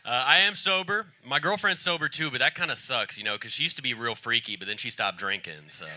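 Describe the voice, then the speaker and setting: Bright-voiced man with dark deadpan jokes. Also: medium pitch. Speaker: stand-up comedian. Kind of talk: stand-up set. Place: comedy club stage.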